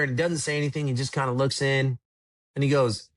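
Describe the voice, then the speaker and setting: Man in his own voice, unhurried podcast storyteller, rambling and relaxed, mid pitch, dry close sound. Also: no echo. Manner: rambling, laid-back, swears casually. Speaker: podcast guest, tour manager. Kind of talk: casual storytelling.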